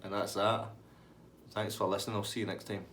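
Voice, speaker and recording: A man's voice: on the low side, flat delivery, fairly quick, a bit bright, echoey room, slight background noise. A man telling a funny anecdote in a casual, colloquial way with swearing. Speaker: storyteller.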